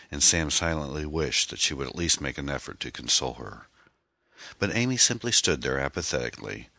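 Casting: measured male narrator for a mystery audiobook, very deep bright voice. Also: no room sound. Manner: measured, dramatic storytelling. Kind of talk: scripted narration.

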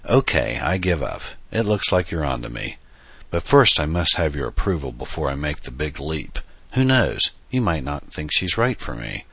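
A kindly older uncle, as the narrator voices him, genial and fatherly, with a gentle teasing streak. The bright, slightly husky voice sits close in a dry recording. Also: extremely low pitch, sing-song, moderate pace, dry recording, full character voice. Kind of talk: audiobook dialogue.

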